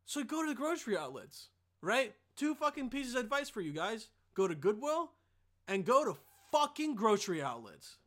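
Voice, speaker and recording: Casting note: young male podcast host, high and bright-toned, swearing constantly, quick to flare into loud rants. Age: young adult. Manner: profane, excitable, rants with sudden loud bursts. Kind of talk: casual rambling monologue.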